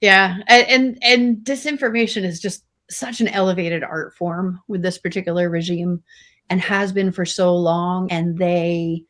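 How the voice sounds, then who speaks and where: A woman's voice: lowish voice, fairly even intonation, unhurried, a bit bright. A woman co-hosting a talk show, earnest and emphatic, repeating words for stress. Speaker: podcast co-host. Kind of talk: casual discussion.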